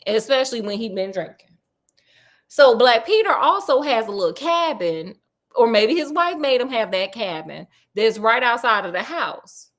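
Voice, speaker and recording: A woman casually retelling a story with sassy, slangy remarks and deadpan asides. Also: fairly high pitch, normal speed.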